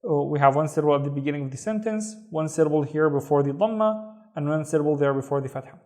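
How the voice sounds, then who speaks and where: A man teaching an online language lesson, speaking slowly and carefully, with a Saudi Arabic accent, repeating each word for pronunciation. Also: on the high side, dark tone.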